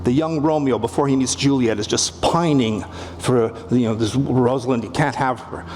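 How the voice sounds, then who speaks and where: A man's voice: medium pitch, normal speed, darkish tone, slight background noise. Wry Canadian man lecturing in a hall. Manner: wry, humorous storytelling with acted-out quotes. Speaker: literature professor lecturing. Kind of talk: public lecture to a live audience. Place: large theatre stage. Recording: long reverb of a big hall, faint ambience.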